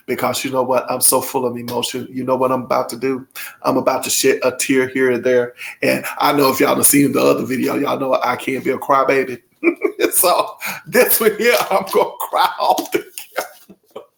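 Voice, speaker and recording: Gushing, gravelly-voiced man vlogging. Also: mid-range voice, a little fast. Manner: gushing, emotional and excitable; folksy, addresses viewers directly. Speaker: channel host. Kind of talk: casual vlog chat to viewers.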